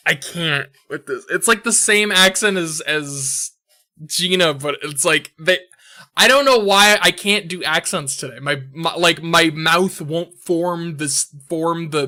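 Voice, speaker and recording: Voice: mid-range voice, unhurried, bright, forceful tone. A streamer in casual live-stream commentary, talking frustrated and self-deprecating, with plenty of swearing.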